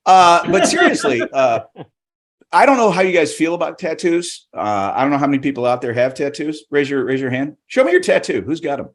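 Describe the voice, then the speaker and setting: Rambling middle-aged comic with lively pitch. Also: male voice, brisk. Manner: self-deprecating, rambling with restarts. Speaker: guest comedian. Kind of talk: stand-up set on a video call. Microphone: video call.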